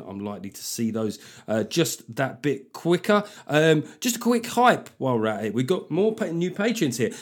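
A man hosting his own comedy podcast in a sardonic, profane, rambling solo monologue. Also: on the high side.

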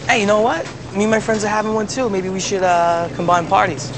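A man's voice: high voice, a little fast, noisy background, natural voice. An actor playing a brash, cocky young man in a TV comedy clip, with faint ambience behind. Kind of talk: TV comedy-drama acting.

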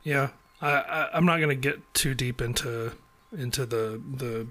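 A man's voice: mid-range voice, a little slow, sharp tone. A man chatting casually about a film, hesitant and amused.

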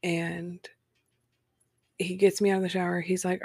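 A woman telling her own story in a candid, matter-of-fact way with dark humor. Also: lowish voice, flat delivery, normal speed, vocal fry, long pauses, no echo, studio quality. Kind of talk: personal storytelling, casual.

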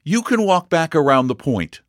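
A man voicing a patient, hurt young woman who coaxes and pleads softly. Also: low voice, big pitch swings, normal speed, no echo, studio quality, pitched above the performer's own voice. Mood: cool. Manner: soft coaxing, pleading.

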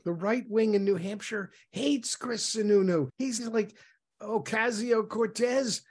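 A man's voice: high voice, a little slow. A man on a political panel, throwing in wry quips. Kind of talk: casual political panel chat.

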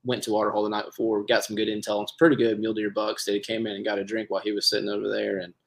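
A man's voice: lowish voice, monotone, racing, gravelly. A man, a guest chatting easily about hunting trips. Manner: easygoing, agreeable, chuckles often. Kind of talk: casual hunting chat.

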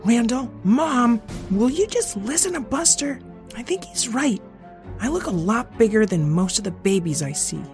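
Brief: narrator putting on a high-pitched sassy girl, fed-up and snippy. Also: big pitch swings, moderate pace, darkish tone, faint music behind. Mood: exasperated. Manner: exasperated, eye-rolling. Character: sassy girl treated as a baby, grown young lady.

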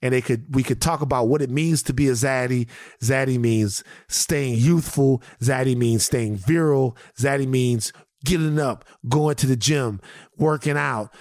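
A man's voice: medium pitch, normal speed, darkish tone, no room sound, studio quality. A man co-hosting a podcast in casual chat, ranting in mock outrage and mimicking friends. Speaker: podcast co-host.

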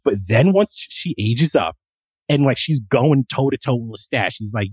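A man co-hosting a casual pop-culture chat, excitable and acting out quotes with the odd swear word. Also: medium pitch, moderate pace, husky, no room sound, low-quality recording. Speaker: podcast co-host.

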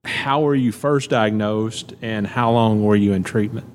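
A man's voice: lowish voice, a little slow, slight background noise. A man hosting a podcast, reading a plain announcement and asking questions in a conversational way. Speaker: podcast host. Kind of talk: casual interview.

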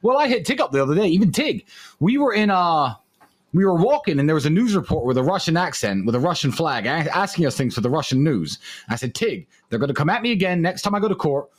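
A man chats on a livestream, rambling through stories and cursing as he goes. His voice sits a little high and swings up and down with lively pitch. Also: fast talker. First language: English. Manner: rambling storyteller, swears freely. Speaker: livestream co-host. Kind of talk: casual chat.

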